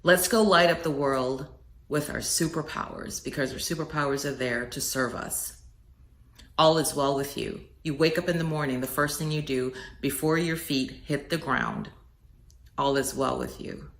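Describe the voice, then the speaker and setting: A woman's voice: sits low, steady tone, normal speed, fairly bright tone, roomy sound. A middle-aged woman giving an earnest, preacher-like motivational message, swelling on key words. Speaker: inspirational speaker.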